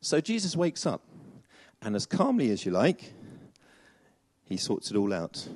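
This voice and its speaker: A man's voice: mid-range voice, wildly swooping pitch, unhurried, darkish tone. A man preaching a chatty sermon to a congregation, with many fillers and restarts.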